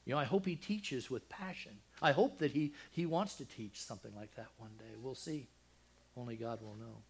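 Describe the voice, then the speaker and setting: An older man preaching a sermon, telling a personal family story with deep feeling, dropping to a hush and then rising loud, with many restarts. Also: normal speed, vocal fry, husky. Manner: emotional, swings from loud and high to hushed and soft; rambling with frequent restarts.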